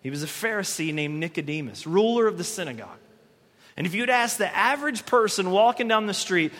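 A man's voice: high voice, animated, a little fast, a bit bright. A man preaching a conversational sermon, acting out the people he quotes. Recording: long hall reverb.

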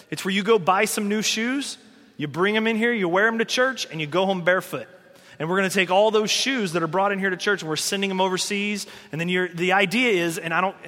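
A man preaching a sermon as pastor, lively and given to joking asides. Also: sits high, in a large hall. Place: church sanctuary.

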